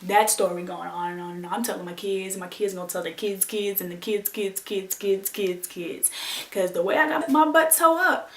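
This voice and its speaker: A woman vlogger telling a lively childhood story straight to her viewers, very expressive and chatty. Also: mid-range voice, normal speed. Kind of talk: animated storytime monologue. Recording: roomy echo.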